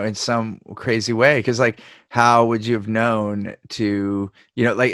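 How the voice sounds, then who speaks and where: A man's voice: fairly low pitch, fairly bright tone, no echo, studio quality. A man hosting a podcast, talking in a reflective, rambling and supportive way. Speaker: podcast host. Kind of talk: casual interview chat.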